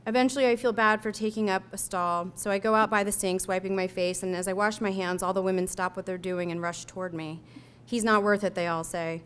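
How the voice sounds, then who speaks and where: A young woman reading her own personal essay aloud, telling it in a measured, reflective way. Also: mid-range voice, fairly even intonation, clear, resonant tone. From United States.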